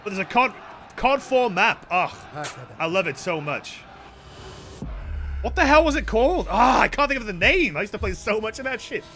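A man's voice: sits high, big pitch swings, moderate pace, long pauses, sharp tone, a little hiss or hum. A young man streaming a video game with rambling, joking, profane commentary. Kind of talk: casual gameplay commentary.

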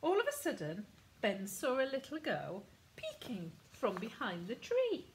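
A woman reading a children's picture book aloud in a gentle, expressive storytelling manner. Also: fairly high pitch, unhurried, a little hiss or hum, low-quality recording. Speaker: storybook reader.

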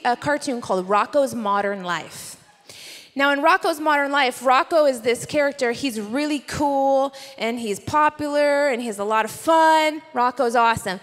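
A young woman with a high voice preaches to a conference crowd, spinning a personal story in a playful, chatty way with quick asides. Her voice rings out through a big hall with a long reverb tail. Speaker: conference speaker. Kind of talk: sermon.

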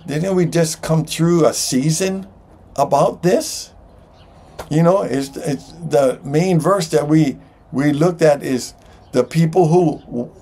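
A man preaching a sermon as pastor, slow and emphatic, with sudden jumps in pitch. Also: darkish tone, slightly rough.

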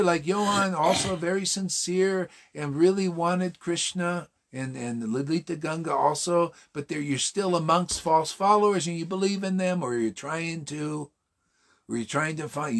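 A man's voice: a little high, fairly bright tone. A man giving an informal morning class sermon, casual and emphatic, full of rhetorical questions and slang. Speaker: spiritual teacher.

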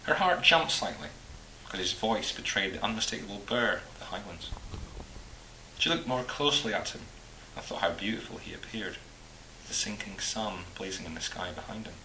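A man calmly reading a short story aloud in a measured narrating voice. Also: fairly low pitch, echoey room, a little hiss or hum, low-quality recording.

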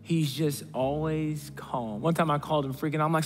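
A male pastor preaching a sermon in a conversational way, swinging between hushed and excited delivery. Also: on the high side, fairly quick, in a large hall. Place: church stage.

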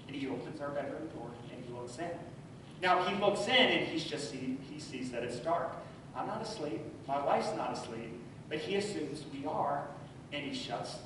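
A middle-aged male pastor with a high voice tells a sermon story, swinging between loud and hushed. He sounds distant from the mic, and the sound rings around a very reverberant church. Faint noise sits behind him. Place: church sanctuary.

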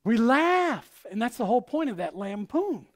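A woman pastor delivering a lively sermon. She acts out quoted speech and swings between loud, punchy lines and quiet asides. Her voice sits on the higher side. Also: normal speed. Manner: animated, acts out quotes with big shifts in loudness.

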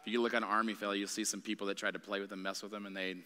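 Bright-voiced man preaching in a reverberant church. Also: on the low side, level tone, rapid-fire, a little hiss or hum. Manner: candid, conversational preaching. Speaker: guest preacher. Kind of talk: sermon. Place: church sanctuary. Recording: long reverb of a church hall.

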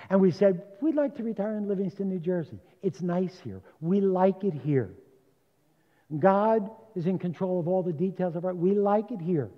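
A man in his seventies, a rabbi, delivering a sermon as a dramatic story that swings between loud bursts and hushed lines, in a congregation's sanctuary. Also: a little high. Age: 70s. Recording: dull, with long hall reverb.

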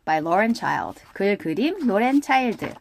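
Lively Korean-accented woman reading aloud. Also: mid-range voice, rapid-fire, vocal fry. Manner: expressive and lilting. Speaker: storybook reader. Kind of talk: read-aloud storytelling for children.

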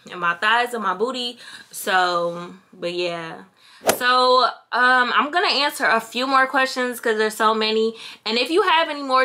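Bright-voiced chatty young woman vlogging. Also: a little high. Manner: chatty and candid, addresses viewers as "girl" and "y'all". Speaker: beauty vlogger. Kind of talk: casual Q&A vlog talk.

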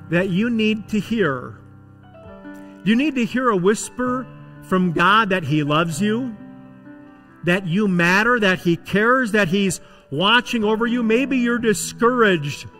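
Male pastor, slow deliberate sermon, bright ringing tone, faint music under him. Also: sits high, long reverb tail. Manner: dramatic preaching, swinging between loud emphasis and hushed tones. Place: church sanctuary.

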